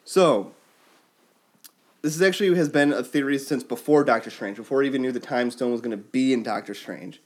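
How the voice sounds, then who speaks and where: A man in casual chat with friends, explaining fan theories in an animated way. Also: medium pitch, brisk.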